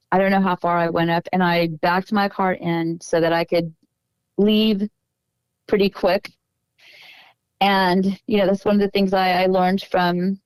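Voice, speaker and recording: A woman's voice: fairly low pitch, darkish tone, clear, resonant tone, dry recording, rough recording. A middle-aged woman guest on a podcast, telling a long story in a casual, meandering way and often stopping to correct herself.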